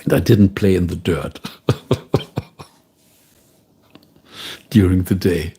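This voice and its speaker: A man with a German accent hosting a livestream, chatting casually and directly with his viewers in a relaxed, unhurried way. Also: low-pitched, husky. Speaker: livestream host.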